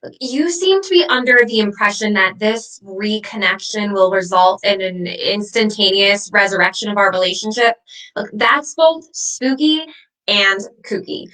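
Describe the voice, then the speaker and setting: A woman acting as a vengeful ghost who haunts her ex, taunting them with sharp, mocking wordplay in a comedy sketch. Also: medium pitch, normal speed, distant mic, lightly acted, low-quality recording.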